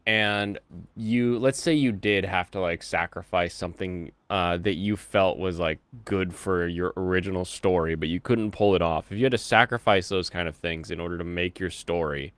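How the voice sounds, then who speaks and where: Very deep-voiced man hosting a stream. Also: moderate pace, dry recording. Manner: hesitant, lots of fillers. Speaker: streamer host. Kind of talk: casual chat.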